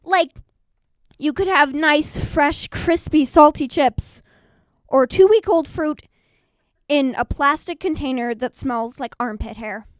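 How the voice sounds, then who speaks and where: A teenage girl performing a self-mocking stand-up comedy set at an open mic, bursting into loud acted quotes. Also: sits high, slow pace, no room sound, clean studio sound. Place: small live performance venue.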